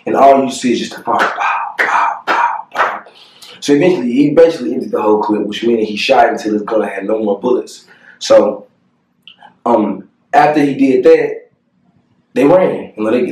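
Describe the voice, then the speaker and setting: A young man telling a painful personal story to the camera, earnest and halting, with many fillers and pauses. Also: medium pitch, darkish tone, distant mic. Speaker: family vlogger. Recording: echoey room, voice a bit off-mic.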